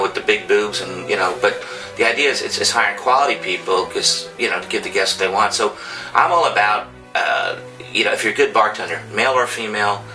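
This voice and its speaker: A man from New York's Hudson Valley, a bartender and collector, telling stories in a rambling, enthusiastic way with many restarts. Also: on the low side. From Hudson Valley, New York. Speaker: bartender and bar memorabilia collector. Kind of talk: casual storytelling chat. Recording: distant mic with music behind.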